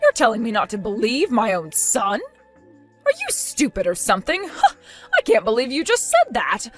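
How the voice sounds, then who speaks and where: A woman's voice: on the high side, wildly swooping pitch, normal speed, soft background music. A woman voicing a scornful mother-in-law. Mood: contemptuous. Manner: cutting, contemptuous scolding. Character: scornful middle-aged mother-in-law, harsh and accusing. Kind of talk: text-story drama acting.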